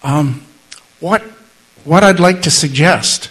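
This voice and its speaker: A middle-aged male pastor preaches in an unhurried, deliberate way, his voice slightly husky. He builds earnestly toward emphatic calls and leads the congregation in prayer. His pitch sits in an ordinary middle range. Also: rough recording. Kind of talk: sermon.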